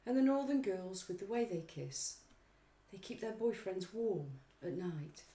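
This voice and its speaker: A woman co-hosting a casual quiz at home, reading song lyrics slowly and theatrically between giggles. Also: medium pitch, animated, warm tone, roomy sound. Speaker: quiz co-host.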